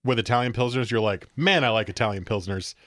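A man from the co-hosting a podcast, teasing and quick to laugh in casual chat. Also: fairly low pitch, a bit bright, no echo, studio quality. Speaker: podcast co-host.

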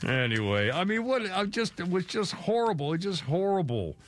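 A man's voice: high voice, sing-song, normal speed, a little hiss or hum. A middle-aged man hosting a radio show, rambling and mocking with many fillers and restarts.

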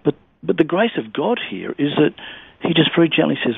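A man speaks earnestly and gently as a guest on a faith radio interview. His voice is husky and comes through a tinny phone line, and he often repeats words as he explains. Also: on the high side, very animated, fast talker. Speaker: ministry director, radio guest.

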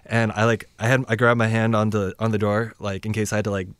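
A man's voice: on the low side, flat delivery, quick pace, smooth, no room sound, clean studio sound. A man telling a story in casual chat, rambling and full of "like" fillers as he acts out what people said. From United States. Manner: rambling, heavy use of "like" fillers, acts out quoted dialogue. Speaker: guest telling a travel story.

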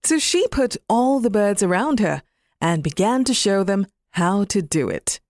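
Slow expressive woman storyteller. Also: medium pitch, no room sound, clean studio sound. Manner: gentle, expressive reading. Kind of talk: bedtime story narration.

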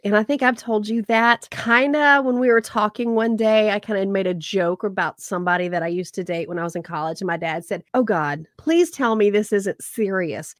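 A woman co-hosting a podcast in casual chat, animated and chatty, often laughing. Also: medium pitch, no room sound, studio quality. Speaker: podcast co-host.

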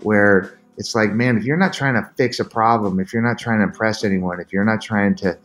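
A middle-aged man, a podcast guest and endurance athlete, telling his story in an earnest, animated way and acting out quoted lines. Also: fairly low pitch, a little fast, faint music behind. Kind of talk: candid storytelling interview.

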